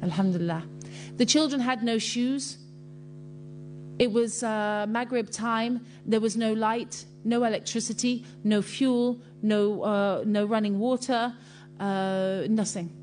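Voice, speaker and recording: A woman giving an impassioned religious talk to a congregation, telling stories earnestly and emotionally with many pauses. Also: on the high side, darkish tone, faint music behind. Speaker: speaker addressing a Muslim congregation.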